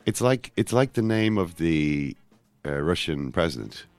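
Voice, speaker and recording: Very deep-voiced rambling man. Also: a little slow, dry recording, faint music behind. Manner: rambling, self-interrupting, animated asides. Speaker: podcast co-host. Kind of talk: casual football chat.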